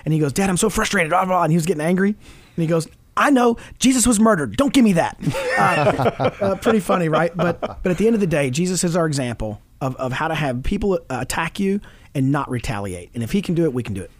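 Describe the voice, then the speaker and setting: A middle-aged man with a fairly high voice speaks quickly on a Christian talk show about fatherhood. Earnest, animated, and preachy, he quotes scripture and laughs often, recorded with no room sound.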